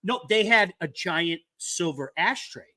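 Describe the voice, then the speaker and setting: A man hosting a casual hockey watch party, telling stories animatedly and stumbling over repeated words when excited. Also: high-pitched, a little slow. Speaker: host. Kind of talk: casual chat.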